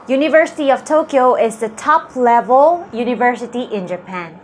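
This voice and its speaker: A woman teaching a language grammar lesson, explaining slowly and carefully and reading out example sentences deliberately. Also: a little high, animated, slight background noise.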